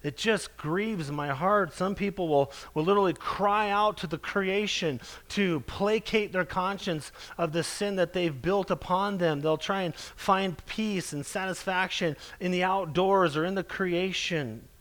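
A man preaching a sermon in an earnest, emphatic way, slowing down to stress scripture. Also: sits high, a bit bright.

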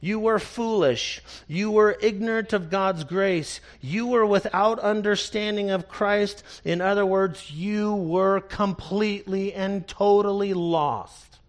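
A man preaching an expository sermon, earnest and emphatic, reading scripture slowly and repeating key phrases. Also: sits high. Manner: reads scripture slowly and deliberately. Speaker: pastor.

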